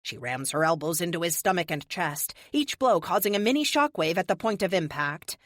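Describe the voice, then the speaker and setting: A woman narrating a first-person action audiobook with dramatic, expressive delivery on a close studio mic. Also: on the low side, a little fast, no echo.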